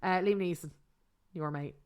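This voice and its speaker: A woman's voice: lowish voice, normal speed, a little mellow, smooth. An Irish woman hosting a podcast in casual chat, blunt, playful and swearing freely. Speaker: podcast host.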